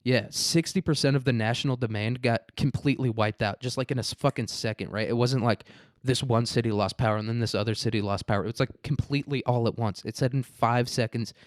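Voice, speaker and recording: A man's voice: mid-range voice, no room sound. A young man riffs crudely on news stories, rambling and swearing as he goes. His voice sits mid-range. The recording is close and dry. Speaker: host. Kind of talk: profane comedic news commentary.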